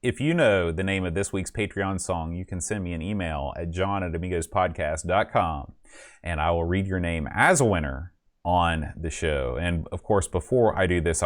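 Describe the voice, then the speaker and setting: A man hosting a live podcast stream in casual chat, rambling and self-deprecating with many fillers. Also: low-pitched. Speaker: podcast host.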